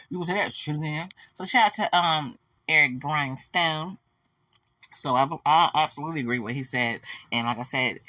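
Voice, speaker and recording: A woman hosting a celebrity gossip show, blunt, animated and profane. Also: deep voice, no room sound. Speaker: host.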